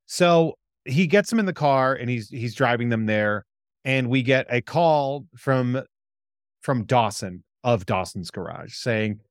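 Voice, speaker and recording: Man, podcast co-host, casual chat, excitable plot recap, mid pitch, dry close sound. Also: unhurried, clear, resonant tone, dry recording.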